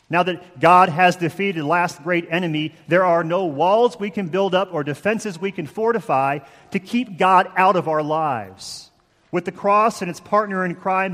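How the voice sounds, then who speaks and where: A man preaching a sermon, measured and emphatic, with slow dramatic pauses. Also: high-pitched, long reverb tail. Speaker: pastor.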